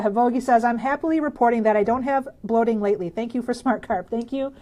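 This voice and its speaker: A woman's voice: a little high, a little fast, warm tone, lo-fi sound. A woman from Michigan hosting a casual live stream, bubbly and chatty, reading out viewer comments and answering health questions with frequent laughs.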